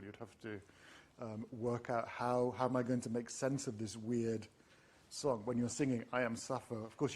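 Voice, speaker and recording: A middle-aged man with a husky, medium-pitched voice gives a university lecture on classics to an audience of teachers. His delivery wanders, peppered with ums and restarted sentences.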